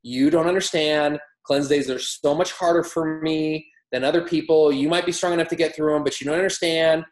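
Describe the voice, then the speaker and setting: A man's voice: a little high, steady tone, a little fast, hardly any pauses, close to an everyday voice. A man putting on a whiny excuse-making client. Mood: whining. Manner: whining, pleading, exaggerated. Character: whiny self-doubting adult client, full of excuses. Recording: roomy echo.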